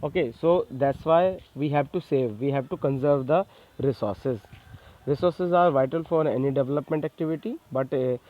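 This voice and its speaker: A male teacher with an Indian English accent explains a lesson in a mid-pitched voice, hesitating with frequent fillers. The sound is thin and phone-like. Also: moderate pace. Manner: hesitant with many fillers, stressing points for exams. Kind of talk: classroom lecture.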